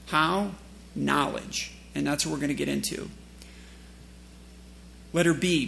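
Guy preaching in church, really gravelly voice, bit high, asks the room questions. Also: normal speed, long pauses, pushed and bright, a little hiss or hum. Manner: asks the congregation questions, joking asides. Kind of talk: sermon.

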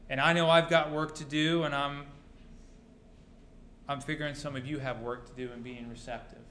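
A man's voice: medium pitch, flat delivery, moderate pace, pauses often, sharp tone, a little hiss or hum. A male pastor preaching a sermon to his congregation, mixing rhetorical questions with dry humor. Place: church sanctuary. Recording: roomy church echo.

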